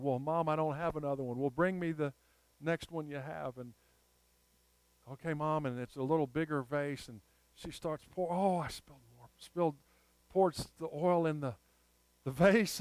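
A man preaching a sermon, telling a Bible story in a lively way and acting out the characters. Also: a little high, clean tone, no room sound, rough recording. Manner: animated storyteller acting out scenes. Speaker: pastor.

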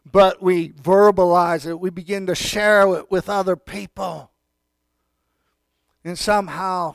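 A man preaching a sermon with fervor, swinging from quiet talk up to shouted declarations. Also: high voice, clear, resonant tone, dry recording. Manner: fervent, rising to shouted declarations.

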